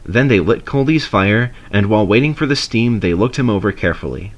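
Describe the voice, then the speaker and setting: A man reading a railway storybook aloud in a measured, expressive narration. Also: lowish voice, lo-fi sound.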